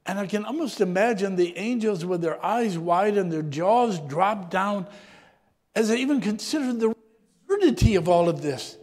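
Reading from scripture, a man delivers a reflective sermon in a space with a long reverb tail. He speaks at a normal pace, clears his throat often, and at times lets his voice sink low and soft.

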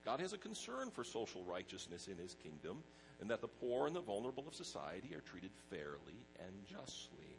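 Gravelly, lively male preacher. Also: on the low side, brisk, slight background noise, low-quality recording. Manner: conversational preaching with personal anecdotes. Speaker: pastor. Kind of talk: sermon.

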